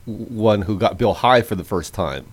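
A middle-aged comedian in a casual chat, telling brash, profane anecdotes. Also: male voice, fairly low pitch. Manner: brash, swearing, fast anecdotes. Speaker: comedian guest.

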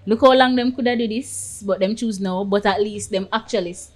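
A woman's voice: mid-range voice, fairly quick. Jamaican woman with candid podcast opinions. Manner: brief agreeing interjections, candid opinions. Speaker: podcast co-host. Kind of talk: casual chat.

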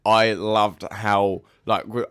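A man co-hosting a podcast, loud and jokey, rambling in casual chat. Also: lowish voice, flat delivery, slow pace, smooth, no room sound, studio quality. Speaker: podcast co-host. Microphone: close podcast mic.

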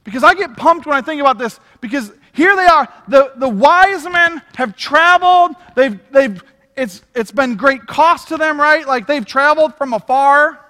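A man preaching a sermon with energetic, conversational delivery and casual slang. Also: very high voice, moderate pace. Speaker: pastor. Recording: long hall reverb.

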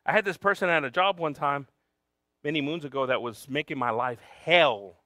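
A man preaching a sermon, telling a personal story with big swings from loud shouting down to a near whisper, sometimes switching to Spanish for the congregation. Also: fairly high pitch, normal speed, no echo, studio quality. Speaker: pastor.

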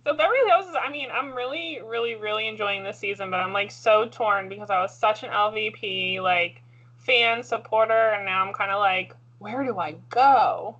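A woman co-hosting a casual chat show, rambling excitedly with lots of filler words. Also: mid-range voice, moderate pace, muffled recording. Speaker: podcast co-host. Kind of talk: casual chat about reality TV.

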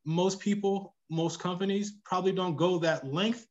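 A man's voice: high voice, steady tone, normal speed, lo-fi sound. A man who runs a short-term rental, talking reflectively in a casual podcast chat and tagging his points with "right?". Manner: reflective, many "right?" tags and restarts.

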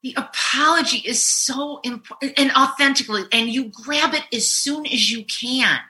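A middle-aged therapist hosts a podcast, telling stories in a relaxed chat that swings between loud and hushed. Her voice sits high and moves at a moderate pace, though the audio is poor.

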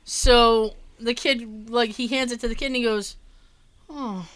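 A chatty woman with a bright, forceful voice, telling a story in a relaxed podcast chat. She rambles a little and leans on fillers as she goes. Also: on the high side, moderate pace. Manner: chatty storyteller, lots of likes and ums. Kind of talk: casual chat.

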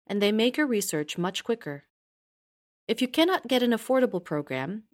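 A woman narrating a scripted lesson on Bible study, reading in a measured, even way with slow emphasis on key words. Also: lowish voice. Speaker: course narrator.

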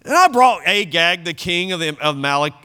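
A man's voice: high-pitched, expressive, moderate pace, bright, forceful tone, clear, resonant tone. A man voicing a whiny, defensive king who insists he did what he was told. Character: whiny self-justifying male king.

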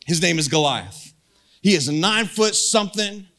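High-voiced animated preacher man. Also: moderate pace. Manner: animated, jokey, acts out quotes with rising pitch. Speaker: pastor. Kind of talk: casual storytelling sermon.

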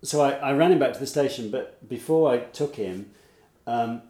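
A man's voice: medium pitch, moderate pace, warm tone. A man telling a meandering story in casual chat, with many restarts. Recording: roomy echo.

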